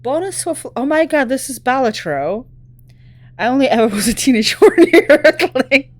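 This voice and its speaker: A young woman streaming a game, chatting casually and excitably, swearing and laughing often. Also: sits high, normal speed, dry recording. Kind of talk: casual gameplay chat.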